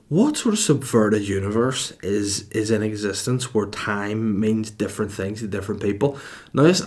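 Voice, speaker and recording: Recording a comedy podcast at home in a chilly room, this fairly low-voiced man from Northern Ireland, in his thirties, delivers a comic monologue. His stories come out animated and exasperated, peppered with swearing.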